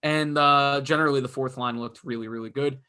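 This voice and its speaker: A man's voice: medium pitch, fairly even intonation, fairly quick, bright, forceful tone, clean tone. A young man co-hosting a casual hockey podcast, talking through games in a rambling way full of fillers and restarts. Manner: rambling, filler-heavy analysis. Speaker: podcast co-host. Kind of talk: casual sports chat.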